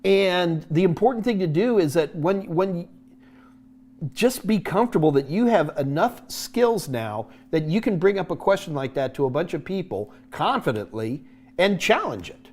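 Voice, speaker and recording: A man's voice: high-pitched, very animated, moderate pace, darkish tone. A man hosting a live stream, answering viewer tech questions in a jokey, rambling way with many restarts.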